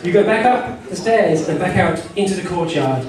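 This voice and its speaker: Jokey high-voiced game master. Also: male voice, expressive, moderate pace. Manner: jokey and rambling, full of "you know" asides, laughing often. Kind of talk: improvised narration of a live text-adventure game. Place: convention panel room with an audience. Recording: echoey hall, far from the mic, crowd noise.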